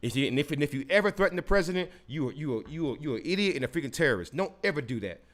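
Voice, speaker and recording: Man, podcast host, solo rant, profane, heated, stumbling repeats, fairly high voice. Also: expressive, racing, fairly bright tone.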